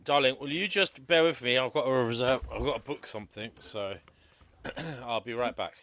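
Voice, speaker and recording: A man's voice: mid-range voice, normal speed, a bit bright. Polite man with brief replies. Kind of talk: casual chat.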